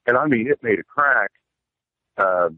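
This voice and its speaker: A man's voice: mid-range voice, lively intonation, a little slow, dry recording. A man telling a first-person outdoor encounter story in a rambling, plainspoken way, using folksy phrasing. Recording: tinny phone line, dry.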